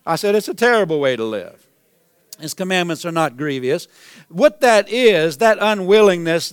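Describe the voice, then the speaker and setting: A man preaching a sermon as pastor, emphatic and repetitive, building to shouted declarations. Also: a little high, clear, resonant tone, dry recording. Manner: emphatic preaching, repeats phrases, rises to shouts.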